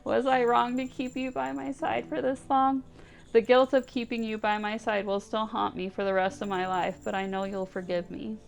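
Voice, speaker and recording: A woman reading aloud as a grieving woman saying goodbye to her old cat, in a soft, tender, pleading way. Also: fairly high pitch, little pitch movement, normal speed, gravelly. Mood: sorrowful. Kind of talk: reading visual novel text aloud.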